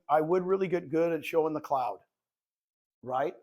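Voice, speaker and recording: A man's voice: a little high, brisk. A man in his sixties coaching real estate agents in a live presentation, a self-described goofball who acts out conversations as he tells stories. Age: 60s. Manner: animated storytelling, acts out dialogue.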